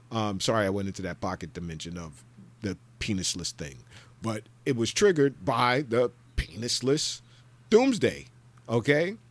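A man hosting a solo podcast, giving a rambling, jokey and profane rant of pop-culture commentary. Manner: breaks into loud high-pitched impressions. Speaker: podcast host.

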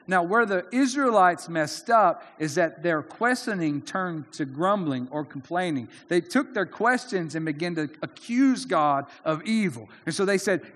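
With a long reverb tail behind him, a man with a high, fairly bright voice preaches at a normal speed. The pastor is animated yet earnest and conversational, often restarting his sentences.

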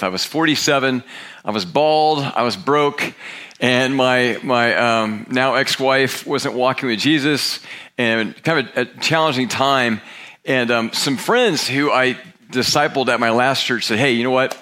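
A man's voice: medium pitch, bright, forceful tone. A man in his sixties, a pastor giving a candid, conversational sermon with frequent restarts. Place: church sanctuary.

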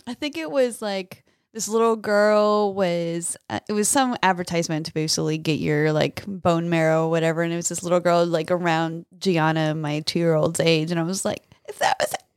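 A woman in her thirties telling stories in a casual podcast chat, animated and laughing often. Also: fairly low pitch, moderate pace, clean tone, dry recording, studio quality. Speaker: podcast co-host.

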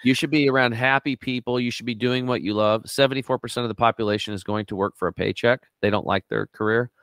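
In a lively, energetic interview, a middle-aged man appearing on a health talk show acts out quotes with sudden leaps in pitch as he tells stories. His delivery is fast and his tone clean, recorded dry.

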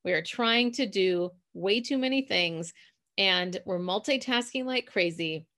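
A woman's voice: medium pitch, unhurried, bright, forceful tone. A woman with a Minnesotan accent, hosting a chatty motivational talk for listeners and laughing at herself now and then. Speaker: podcast host.

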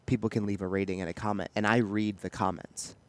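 Low-voiced man in casual chat. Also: little pitch movement, fast talker. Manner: conversational, chiming in with agreement. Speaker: podcast co-host, church staff.

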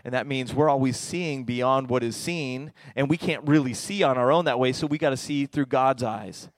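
A middle-aged man preaching a lively sermon as pastor, swinging between quiet, intimate stretches and loud, excited ones. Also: mid-range voice, moderate pace, no room sound.

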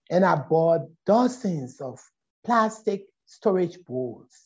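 A middle-aged woman with a Liberian accent tells a story in conversation, her low, mellow voice rising and falling with lively swings in pitch. The audio is dull and lo-fi. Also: slow. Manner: animated, acts out voices in her stories. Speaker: poet and scholar, guest.

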